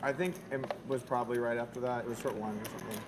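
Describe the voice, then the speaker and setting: Quick-talking man with an American accent. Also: medium pitch, steady tone, noisy background. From Italy. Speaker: poker player. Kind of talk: casual table chat.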